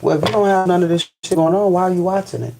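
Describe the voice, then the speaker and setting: A man's voice: high voice, steady tone, quick pace, creaky, noisy background. A man hosting a spiritual live stream, ranting in casual, profane speech and repeating "you know what I'm saying.". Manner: restarts and stammers when fired up.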